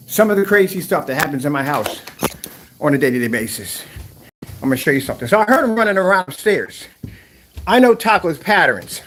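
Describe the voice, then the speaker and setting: A man's voice: on the high side, big pitch swings, fairly quick, slight background noise. Chatty man vlogging from home. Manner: talkative, talks softly to a rescued bird. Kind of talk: casual vlog talk to camera. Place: at home, indoors.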